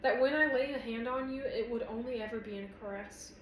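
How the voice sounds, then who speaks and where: A woman's voice: on the high side, quick pace, roomy sound, a little hiss or hum, natural voice, low-quality recording. A woman reading the lines of a blunt, intense young male warrior who protects the woman he loves, in an audiobook. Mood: tender.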